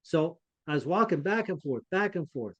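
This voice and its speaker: A podcast co-host tells a story in an animated, self-deprecating style. His voice rides a touch higher than most men's and he laughs at his own misadventures. The audio is muffled and lo-fi, lacking crispness. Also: moderate pace. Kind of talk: casual anecdotal storytelling.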